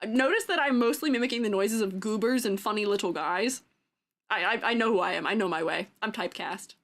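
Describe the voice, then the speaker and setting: A young woman streamer in casual chat, giggling often and breaking into silly yells and cartoonish sound-effect noises. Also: medium pitch, brisk.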